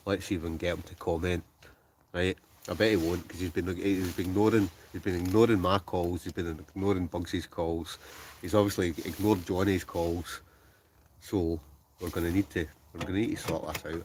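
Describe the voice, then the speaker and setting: Un hombre escocés que charla en directo desde su tienda de acampada y lee los comentarios del chat entre bromas, a veces murmurando. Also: male voice, deep voice, slight background noise. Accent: Scottish. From Scotland. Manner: chatty, joking, trails off into mumbles. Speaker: wild camping livestreamer reading chat. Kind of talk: casual live-stream chat. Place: in a tent with a stove, outdoors at night.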